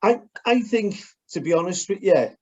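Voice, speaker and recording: A blunt man with a Liverpool accent chatting on a podcast and swearing casually. His voice sits a little higher than most men's. The recording sounds dull and lo-fi. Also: expressive, normal speed, darkish tone. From Liverpool, England. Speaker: podcast co-host. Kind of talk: casual chat.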